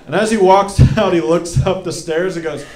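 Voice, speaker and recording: A young man performing a stand-up comedy set on stage, telling animated stories and acting out his dad's lines. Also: sits high, normal speed. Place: stage in a hall before a live audience. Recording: echoey hall with crowd. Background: audience laughter.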